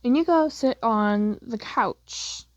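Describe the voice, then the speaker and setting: A woman's voice: a little high, slow, no room sound, highs cut off. A young woman telling a second-person fan story in a casual, rambling way, filling her speech with "like". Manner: casual, rambling, heavy use of "like".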